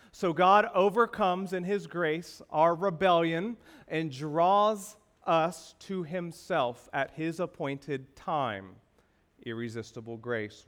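A man's voice: on the high side, a bit bright. A male pastor preaching a sermon, asking the congregation rhetorical questions with emphasis.

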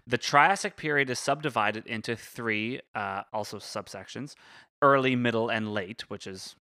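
A man's voice: mid-range voice, normal speed, pushed and bright, no echo, studio quality. A man co-hosting a podcast, walking through a topic in casual chat and often stopping to correct his pronunciation of big words. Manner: explains step by step, stumbles over and corrects big words. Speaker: podcast co-host presenting the topic.

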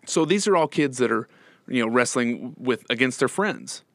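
A slightly hoarse man hosting a casual live podcast, talking in halting bursts full of repeats and restarts. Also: medium pitch, expressive, fairly bright tone, no echo. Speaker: podcast host.

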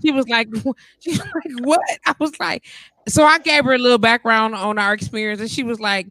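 High bright-voiced woman telling a story. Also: a little fast, no room sound, rough recording. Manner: animated, laughs often, acts out quoted voices. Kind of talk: casual storytelling chat.

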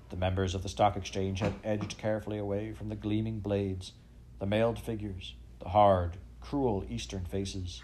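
Male storybook narrator, low voice, measured delivery, faint hiss. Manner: measured, lively character voicing. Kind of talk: storybook reading.

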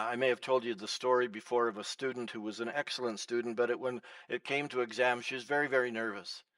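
A pastor preaching a sermon in a church, swinging between loud emphasis and soft, hushed lines. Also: male voice, medium pitch, no room sound, distant mic.

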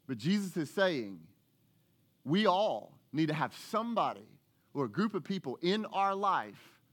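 A man, preaching a sermon as lead pastor, animated and acting out the voices of the people he talks about. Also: a little high. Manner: animated preacher, acts out voices, rises to excited shouts.

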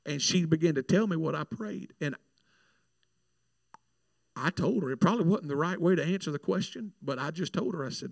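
A man, a minister, telling a testimony in a sermon with animated storytelling and repeated words. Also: fairly high pitch, normal speed, vocal fry, long pauses, no room sound. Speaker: minister praying at altars.

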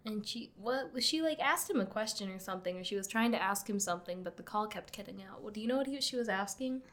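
A woman with a bright, mid-pitched voice, talking casually as a podcast co-host. She chats with easy enthusiasm and fills in story details. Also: animated, quick pace. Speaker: podcast co-host recapping a TV episode. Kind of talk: casual chat.

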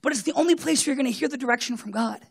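A preacher with a husky, slightly high voice delivers a rapid-fire, storytelling sermon. She swings from loud bursts to hushed, near-whispered tones and acts out the voices of the story's characters.

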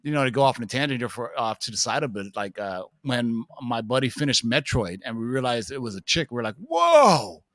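Casting note: male podcast host, loose and profane, mid-pitched, dry close sound. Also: fast talker, hardly any pauses, a bit bright, no room sound. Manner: loose, profane, jokey storytelling. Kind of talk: casual chat.

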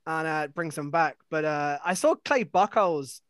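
A man's voice: fairly high pitch, animated, measured pace, fairly bright tone, no echo. A man, co-hosting a podcast in casual, rambling, self-mocking chat. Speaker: podcast co-host.

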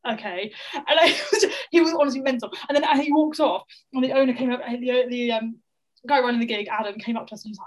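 A young woman from the south of England, telling a stand-up comedy story over a video call in a rapid, laughing, sweary style. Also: a little high, rough recording. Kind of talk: casual storytelling chat.

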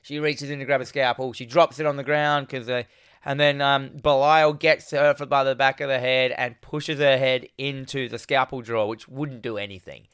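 A man's voice: mid-range voice, steady tone, moderate pace, fairly bright tone, clean tone, no room sound, clean studio sound. A man co-hosting a podcast, casually recapping a film scene by scene and rambling as he goes. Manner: rambling, quotes scenes in put-on voices. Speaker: podcast co-host.

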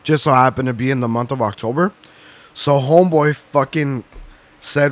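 A man's voice: mid-range voice, normal speed. A man co-hosting a podcast in casual chat, rambling and swearing, often laughing. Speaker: podcast co-host.

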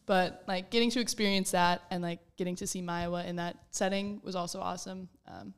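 A woman's voice: fairly low pitch, fairly even intonation, a little fast, clean tone. A young woman from Minnesota, a college basketball player, chatting in an interview in a bubbly way and laughing often. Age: young adult. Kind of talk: casual interview.

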